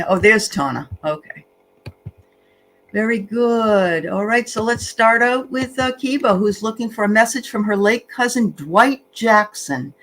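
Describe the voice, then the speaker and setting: A woman co-hosts a casual livestream and greets viewers one by one. She talks in a chatty way with plenty of fillers. Her voice sounds bright and forward at an ordinary pitch. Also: slight background noise, low-quality recording. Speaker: livestream co-host.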